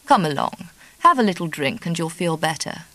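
A woman reading an audiobook, voicing a self-satisfied man with a deep, charming voice who coaxes and soothes. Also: sing-song, normal speed, bright, forceful tone, full character voice. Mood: smug. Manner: coaxing, smug.

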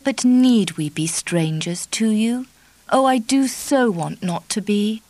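A woman voicing a shy but earnest middle-aged woman, with a cool, deliberate and distinguished voice and an effusive, pleading manner. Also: medium pitch, animated, darkish tone.

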